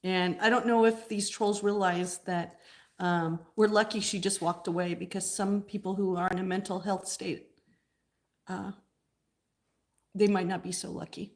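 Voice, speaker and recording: Woman chatting on her live stream, replying to comments as she goes, middle pitch voice. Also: fairly even intonation, a little slow. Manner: chatty, answers viewer comments as she talks. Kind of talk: casual live stream chat.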